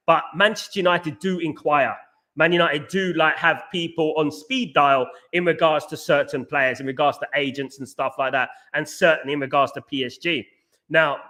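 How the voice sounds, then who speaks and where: Hosting a football fan livestream, this London man reads viewer comments and chats casually, looping back on himself with fillers and false starts. His voice is a little high for a man, bright and forceful, turning combative whenever he pushes back.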